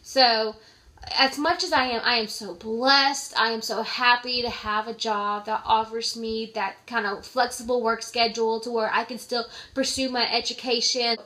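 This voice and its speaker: Young woman vlogger, higher-pitched, chatty, full of filler "likes"; casual advice tone. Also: steady tone, normal speed, bright, forceful tone.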